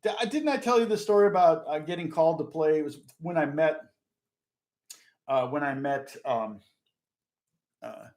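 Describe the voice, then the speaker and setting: A middle-aged man, a session guitarist, chatting casually and rambling through stories with lots of fillers and restarts. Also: mid-range voice. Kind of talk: casual chat.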